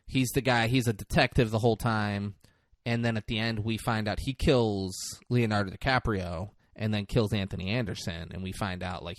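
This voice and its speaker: A man's voice: on the low side, dry recording, clean studio sound. A man co-hosting a podcast, casually and profanely recapping a film scene by scene. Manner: profane, animated retelling with quick quoted lines. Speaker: podcast co-host.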